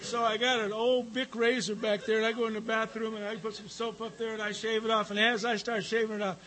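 A man's voice: high voice, little pitch movement, quick pace, fairly bright tone, rough recording. A man giving a rambling personal talk at a recovery meeting, with frequent fillers and some profanity.

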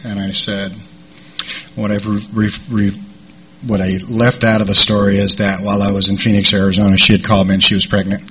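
A middle-aged man sharing a recovery story in a rambling, halting way, with many fillers. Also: on the low side, flat delivery, pushed and bright, slight background noise. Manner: rambling, halting delivery with repeated "and, uh". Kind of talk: personal storytelling talk.

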